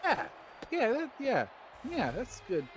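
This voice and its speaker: A man's voice: very high-pitched, slow. A man co-hosting a game stream, telling a rambling, laughing story and acting out the quotes. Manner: laughing, animated, acts out quotes.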